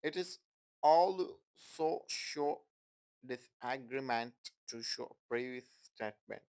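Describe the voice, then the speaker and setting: A man's voice: medium pitch, slow pace, a little mellow, clear, resonant tone, low-quality recording. A man teaching an English grammar lesson in non-native, broken English. He repeats his example sentences and keeps checking in with "Okay, guys?".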